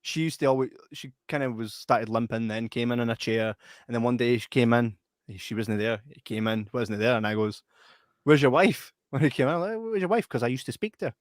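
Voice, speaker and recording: Telling stories full of laughter and impersonated voices, a Scottish podcast co-host keeps a brisk pace in casual chat. His medium-pitched voice comes through clean studio sound without echo.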